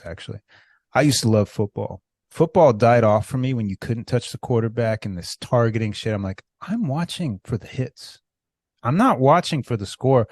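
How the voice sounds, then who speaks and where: Podcast co-host, man, swearing rant with loud spikes, dry close mic. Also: on the low side, no echo. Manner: heated, profane, swings to loud outbursts. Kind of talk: ranting casual chat.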